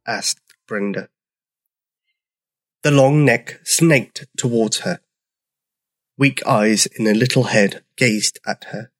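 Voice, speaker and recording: A man narrating a children's story in a slow, gentle, expressive reading. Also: medium pitch, soft background music.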